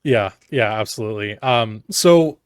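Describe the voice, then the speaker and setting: Relaxed male podcast host. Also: on the low side, measured pace, clean tone, dry recording, studio quality. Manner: relaxed, brief backchannels, hesitant questions with fillers. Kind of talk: casual interview questions.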